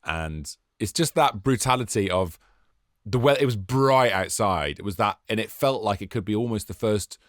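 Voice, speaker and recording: Male co-host, animated storyteller, lowish voice, very expressive, dry studio mic. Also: normal speed, dry recording. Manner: animated, jokey, exaggerated storytelling. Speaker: podcast co-host. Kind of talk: casual chat.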